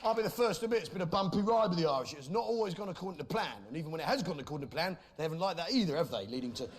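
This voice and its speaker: Brash high-voiced comedian. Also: male voice, expressive, rapid-fire. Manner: brash, swaggering, mock-patriotic. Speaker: stand-up comedian. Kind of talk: stand-up comedy routine. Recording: noisy live recording.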